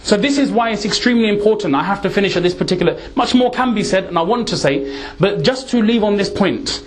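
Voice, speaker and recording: Guy giving a sermon, high voice, emphatic, earnest. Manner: earnest, emphatic, mixes Urdu, Punjabi and Arabic words. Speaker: Islamic preacher.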